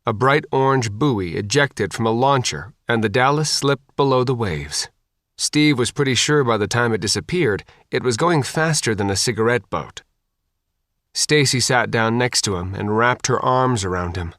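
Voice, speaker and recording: A man narrating an audiobook in an expressive, animated reading. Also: medium pitch, moderate pace, no echo, clean studio sound.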